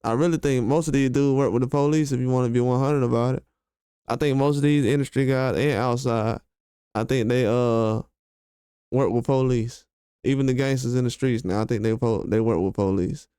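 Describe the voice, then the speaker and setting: A man hosts a commentary video, his voice medium in pitch, steady, mellow, and smooth at a moderate pace, with studio-quality sound and no echo. He rants in a heated, slangy, emphatic way, repeating his points in casual commentary.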